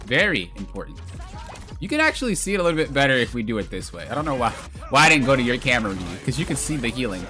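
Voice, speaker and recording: A man's voice: medium pitch, very animated, fast talker, music in the background. A man casually coaching a player through a gameplay replay, explaining step by step and often saying "look" and "you see.". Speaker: game coach.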